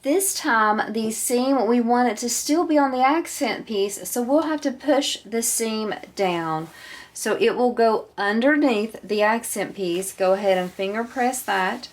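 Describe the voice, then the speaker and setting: A woman teaching a step-by-step sewing tutorial, explaining each step calmly and patiently as she works. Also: fairly high pitch, unhurried. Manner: calm, patient, walks through each step. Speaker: sewing instructor.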